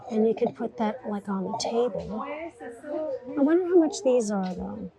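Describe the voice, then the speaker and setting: Slow-talking woman vlogging at a garden center. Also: fairly high pitch, lively intonation, gravelly, a crowd in the background, rough recording. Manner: chatty and enthusiastic, addressing viewers as "guys". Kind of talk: casual vlog narration while shopping.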